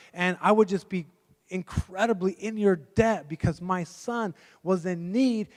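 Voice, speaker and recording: Man preaching, high voice, chatty storyteller, long church-hall reverb. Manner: conversational storytelling, acting out quoted voices. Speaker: guest pastor. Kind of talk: sermon. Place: church sanctuary.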